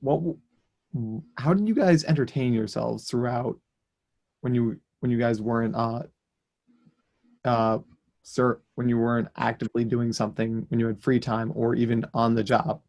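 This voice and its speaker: Halting male interviewer. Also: medium pitch, steady tone, darkish tone. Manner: halting, restarts questions. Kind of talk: interview questions.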